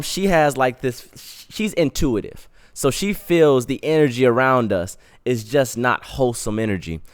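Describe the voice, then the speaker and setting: A man with a smooth, clear voice at a middling pitch hosts a podcast, spinning a personal tale in an animated, slang-filled way. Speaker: podcast host. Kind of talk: storytelling podcast.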